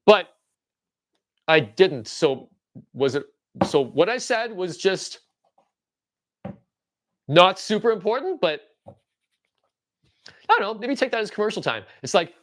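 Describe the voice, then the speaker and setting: A man in his forties hosting a casual livestream show-and-tell, rambling with stammering restarts and excited tangents. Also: high voice, slow pace, long pauses. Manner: excitable and enthusiastic. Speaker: livestream host.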